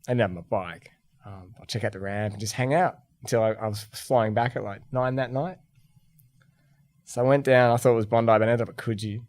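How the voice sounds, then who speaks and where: A middle-aged Australian man, a podcast guest, telling lively anecdotes in casual conversation and acting out the voices he quotes. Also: on the low side, fairly quick. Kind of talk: casual storytelling.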